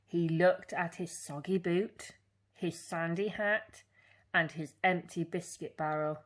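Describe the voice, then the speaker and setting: Woman, storyteller, children's book, slow pace, lowish voice. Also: fairly even intonation. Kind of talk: reading a children's picture book aloud.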